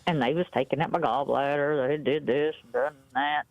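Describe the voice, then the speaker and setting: A woman's voice: low-pitched, fairly even intonation, moderate pace, no room sound. A woman, calling in and telling a story bluntly in casual chat. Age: 50s. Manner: blunt storytelling, quoting others. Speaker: caller. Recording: muffled dry phone-in audio.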